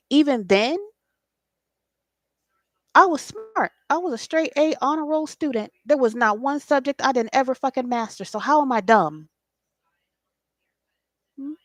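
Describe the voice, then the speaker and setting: A woman's voice: high voice, lively intonation, a little slow, pauses often, no room sound. Woman, forties, spiritual host, preachy, raised voice, dry sound. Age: 40s. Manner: impassioned, preachy, swears freely. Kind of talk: late-night livestream talk.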